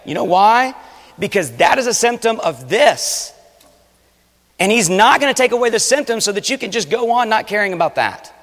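A man preaching a sermon, animated, swinging between loud urging and hushed asides. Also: high-pitched, moderate pace. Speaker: pastor. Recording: long reverb of a large hall. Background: audience.

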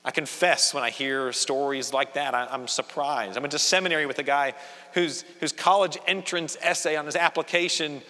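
A male pastor delivers an earnest, conversational sermon, often restarting his phrases. His voice is bright and forceful. It rings with the long reverb of a church hall. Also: a little high, steady tone, normal speed. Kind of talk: sermon with opening prayer. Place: church sanctuary.

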